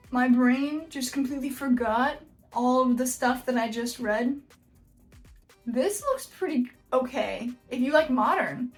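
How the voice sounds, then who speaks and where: A woman hosting a casual reaction vlog, jokey, animated and self-deprecating. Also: high voice. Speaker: video host.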